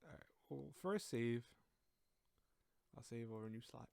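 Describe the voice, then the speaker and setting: A young man casually commentating a visual novel playthrough, excitable and quick to exclaim. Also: mid-range voice, gravelly, dry recording. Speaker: let's play gamer.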